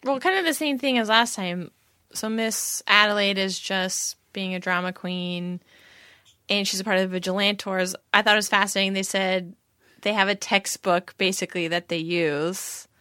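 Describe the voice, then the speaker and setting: A woman co-hosting a podcast in a casual chat, talking fast with wry asides. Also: medium pitch, pushed and bright, no echo, clean studio sound. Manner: chatty, wry, quick asides. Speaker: podcast co-host.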